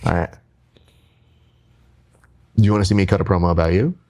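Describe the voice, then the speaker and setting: A man who works as a speech coach, hosting and giving instructions in an animated chat. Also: low voice, fairly quick.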